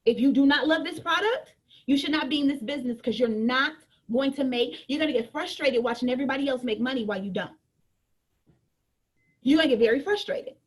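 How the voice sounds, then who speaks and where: A woman's voice: sits high, a little fast, breathy edge. A woman giving an emphatic, joking business training talk, repeating her points and preaching to her team.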